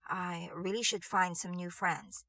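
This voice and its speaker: A woman voicing a cool, menacing young gang leader who speaks low and mocking. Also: normal speed, fairly bright tone, no room sound, natural voice.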